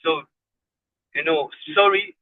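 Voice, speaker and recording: A man's voice: a little high, takes it slowly, no room sound. A man giving a devotional class, fervent and exhorting, repeating phrases for emphasis. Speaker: spiritual class speaker. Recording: tinny phone-like line, dry.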